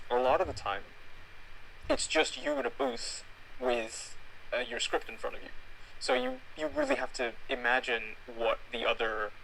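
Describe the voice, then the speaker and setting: Gravelly, bright-voiced young man. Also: mid-range voice, slight background noise, low-quality recording. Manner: earnest, reflective, emphatic. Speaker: theatre actor and director, guest. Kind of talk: casual conversation.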